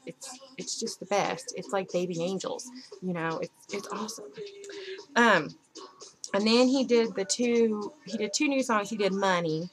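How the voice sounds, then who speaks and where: A woman's voice: fairly low pitch, poor audio. Gushing young woman fan, chatty. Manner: chatty and gushing, lots of "like", acts out quoted people. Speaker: vlogger. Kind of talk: casual chat.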